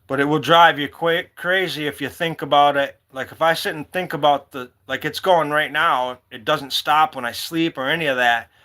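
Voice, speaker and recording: In a slightly high, steady, sharp voice, a man runs a relaxed livestream at normal speed with hardly any pauses. He hops from story to story, calling out his viewers by name.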